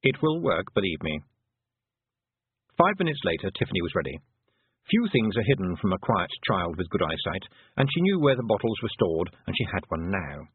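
Husky male storyteller with a lively voice. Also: sits low, brisk, no room sound. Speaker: audiobook narrator. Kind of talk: scripted narration. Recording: dry, phone-like narrow sound.

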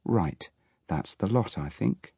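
A man's voice: sits low, expressive, takes it slowly, darkish tone, husky, no echo, studio quality, exaggerated voice. A man voicing a tired, weary male prison governor with a disdainful manner.

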